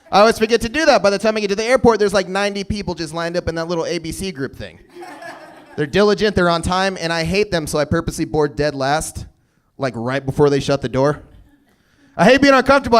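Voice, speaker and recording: A man in his thirties doing a stand-up comedy set, telling stories deadpan with sudden loud bursts. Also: fairly high pitch. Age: 30s. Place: comedy stage before a live audience.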